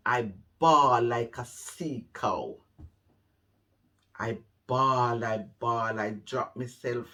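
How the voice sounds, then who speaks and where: A man's voice: medium pitch, lively intonation, slow pace, sharp tone. A middle-aged Jamaican man telling his life story to camera, heartfelt and repeating phrases for emphasis. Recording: voice a bit distant from the mic.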